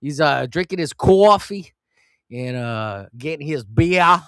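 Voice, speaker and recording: A man's voice: on the high side, slow, smooth, no echo, clean studio sound. A man hosting a live comic-drawing stream, rambling casually and cracking crude jokes. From United States. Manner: rambling, crude joking, animated.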